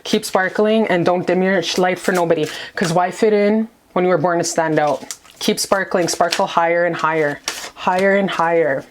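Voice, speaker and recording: Female tarot reader, slightly low voice, effusive and profane, chatty check-ins. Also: steady tone, moderate pace, a little hiss or hum. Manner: gushing, profane and playful, lots of "okay?". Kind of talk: casual tarot reading to camera.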